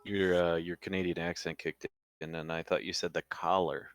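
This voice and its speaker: A man with a very low voice trading jokes with his tabletop game group during a break. His voice sounds close and dry, with no room around it. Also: level tone, moderate pace, clean tone, no echo, soft background music. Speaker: player. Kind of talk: casual chat before a tabletop game.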